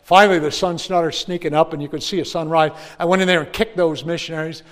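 A man telling a personal story to an audience in a lively way, acting out the other people's voices. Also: a little high, quick pace. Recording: long hall reverb.

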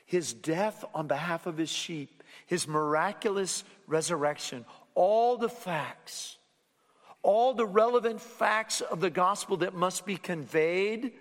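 A man preaching a sermon, rising to loud emphatic lines and then dropping to hushed, low endings. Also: slow pace. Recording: long hall reverb.

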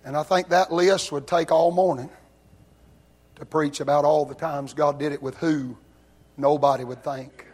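A man preaching a sermon, telling Bible stories in a folksy way and rising to loud, shouted peaks. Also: fairly high pitch, steady tone, normal speed. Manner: builds from quiet storytelling to loud shouting.

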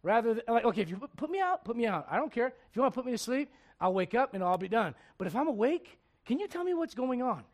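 A man with a high-pitched voice preaches a sermon. He tells stories by acting out the dialogue and laughs at his own jokes. He goes loud for punchlines and drops low and quiet for the serious points. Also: very animated, fast, few pauses. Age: adult. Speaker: pastor.

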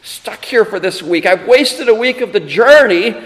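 A preacher playing a trapped pilgrim scolding himself. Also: male voice, high voice, animated, moderate pace. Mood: exasperated self-scolding. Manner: self-reproaching, exasperated. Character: despairing male pilgrim scolding himself in a dungeon. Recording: long hall reverb.

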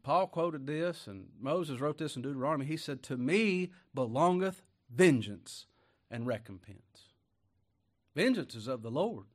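A man preaching a sermon, folksy and emphatic, rising to loud declamation when he reads scripture. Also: medium pitch.

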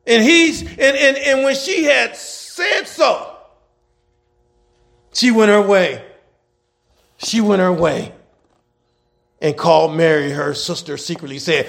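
A male pastor delivering a sermon in a strikingly high voice with a lively, swooping pitch. He bellows scripture, then drops into quiet, rapid asides, and repeats key lines back to the congregation. A gravelly rasp sits under his tone. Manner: swings between shouted scripture and quiet, fast asides; repetitive, call-and-response preaching. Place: church with congregation.

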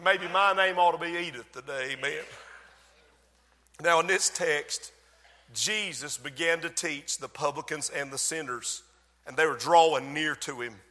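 A man preaching a sermon and praying, dramatic in delivery, swelling loud and dropping soft, slowing down to stress key words. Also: a little high. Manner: dramatic, swells and drops in loudness, slows for emphasis. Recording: long hall reverb.

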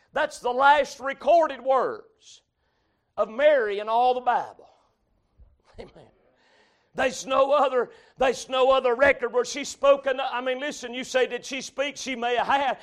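Man, high voice, preacher, shouting sermon, murmured amens. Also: normal speed. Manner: shouts and cries out at peaks, drops to a murmured "amen". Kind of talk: revival sermon. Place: church.

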